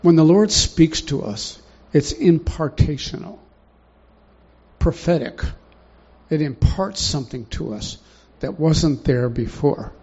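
A man's voice: on the high side, takes it slowly, darkish tone, slightly rough. A man preaching a sermon in a conversational way, often putting questions to the congregation, in a dull lo-fi recording.

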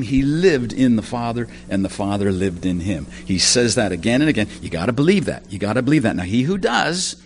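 There's a faint hum under this recording of a male preacher speaking casually through his sermon. He fills it with personal stories and side remarks, letting his pitch rise and fall as he goes.

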